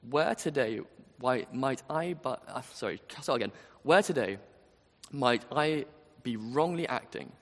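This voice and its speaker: A man preaching a sermon, earnest and emphatic, often asking his listeners rhetorical questions. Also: medium pitch. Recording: long reverb of a large hall.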